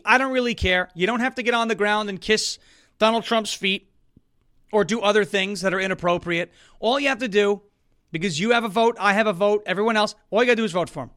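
Male political commentary host, high and bright tone, sarcastic and emphatic. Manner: sarcastic, mocks opponents in put-on voices; loud emphatic outbursts.

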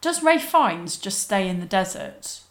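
A woman chatting casually about a film, playful and quick to act out quotes. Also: medium pitch, big pitch swings. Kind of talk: casual film discussion chat. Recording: echoey room.

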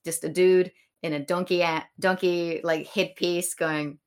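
A woman's voice: fairly low pitch, level tone, a little slow, clean tone. A woman co-hosting a casual comedy podcast, giggly and rambling, with lots of fillers. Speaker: podcast co-host. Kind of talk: casual comedic chat about Shakespeare.

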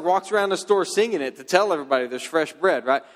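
The sermon comes fast and expressive in a fairly high male voice. A young youth pastor talks to his youth group in casual slang, recounting the story like a buddy, with long hall reverb on the recording.

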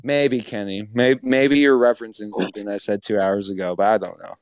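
A man's voice: fairly low pitch, fairly even intonation, fairly quick, dry recording. A man hosting a casual livestream chat, teasing and ranting in mock outrage and swearing freely. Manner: playfully indignant, ranting, swearing. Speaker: stream host.

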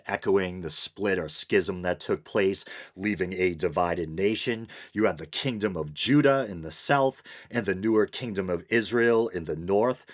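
A man with a New England accent and a very low-pitched voice, hosting his own podcast. He talks in a loose, wry way, poking fun at himself and chuckling between points. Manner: wry, self-deprecating, with frequent "uh" and chuckles. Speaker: podcast host. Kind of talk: casual solo podcast monologue.

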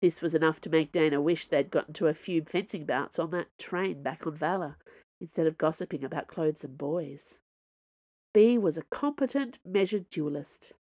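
Audiobook narrator: woman, low voice, measured and expressive, dry booth sound. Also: no room sound. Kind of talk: scripted narration.

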